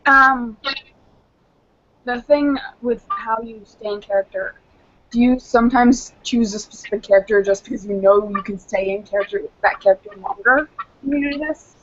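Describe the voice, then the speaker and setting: Woman co-host, bit high voice, kinda halting, muffled dry sound. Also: fairly bright tone, no room sound. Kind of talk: casual interview questions. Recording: dull lo-fi dry recording.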